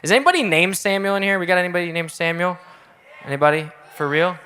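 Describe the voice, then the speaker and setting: A young adult man preaching a casual, energetic youth sermon in a church auditorium, talking directly with the crowd. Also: sits high, quick pace, slight background noise. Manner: energetic, casual, audience-engaging. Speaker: youth pastor. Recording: echoey hall.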